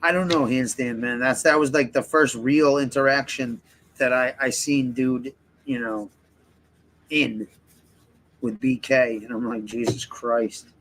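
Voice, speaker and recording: A man's voice: mid-range voice, steady tone, a little slow, a bit bright, a little hiss or hum, rough recording. A man hosting a livestream in casual chat, rambling and swearing heavily as he rants. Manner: rambling and profane, heavy swearing; heated ranting. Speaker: livestream host.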